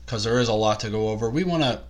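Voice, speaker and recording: A man's voice: lowish voice, fast. Man, podcast co-host, rambling, crude, casual comedic chat.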